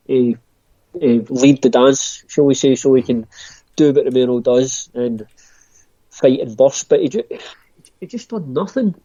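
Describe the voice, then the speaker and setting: Dark-voiced man, dry lo-fi audio. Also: medium pitch, no echo. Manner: hesitant, with frequent ums and restarts. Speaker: podcast guest. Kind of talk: casual podcast chat.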